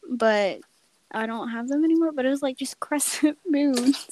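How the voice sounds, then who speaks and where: Young woman guest, kinda high voice, chill and giggly, just chatting. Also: moderate pace, darkish tone, no room sound, low-quality recording. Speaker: podcast guest. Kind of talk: casual chat.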